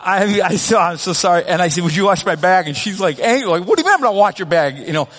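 A man's voice: sits high, animated, fast, fairly bright tone. A man preaching a sermon, telling a humble story about himself with many restarts and self-corrections. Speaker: pastor. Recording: long reverb of a church hall.

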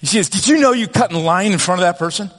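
Self-deprecating pastor in a reverberant hall. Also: male voice, high-pitched, quick pace, fairly bright tone. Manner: self-deprecating storytelling with many restarts. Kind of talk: sermon with personal story. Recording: long reverb of a church hall.

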